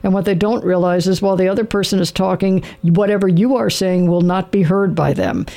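A man's voice: high voice, fairly even intonation, fairly quick, gravelly, warm tone. A man hosting a radio call-in show, explaining things in a chatty way with many restarts. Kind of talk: casual call-in chat.

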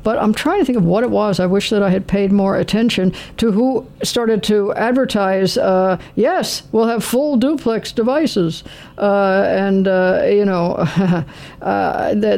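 A man's voice: high-pitched, unhurried, gravelly, darkish tone. A man hosting a radio call-in show, explaining things in a chatty way with many restarts. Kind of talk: casual call-in chat.

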